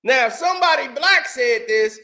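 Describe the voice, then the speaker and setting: Angry male commentary host, very bright sharp tone, heated rant. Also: very high-pitched, animated, normal speed. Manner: angry, shouting, repetitive.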